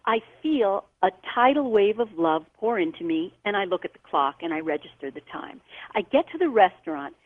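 Animated woman telling a story over the phone. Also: mid-range voice, normal speed, no echo. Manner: animated storyteller, acts out quoted voices. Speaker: guest author. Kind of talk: storytelling on a call-in show. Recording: tinny phone line.

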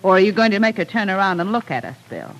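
A woman's voice: mid-range voice, big pitch swings, fast talker, rough recording. An actress playing a cold, manipulative female kidnapper, in 1940s radio acting. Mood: scheming. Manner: cool, manipulative.

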